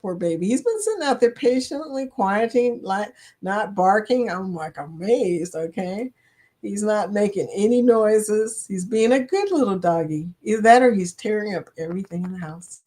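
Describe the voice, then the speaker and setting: A woman's voice: mid-range voice, expressive, normal speed, mellow. A woman hosting a casual livestream, chatting with her viewers and laughing often. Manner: chatty, laughs often, talks to chat as y'all. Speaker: livestream host.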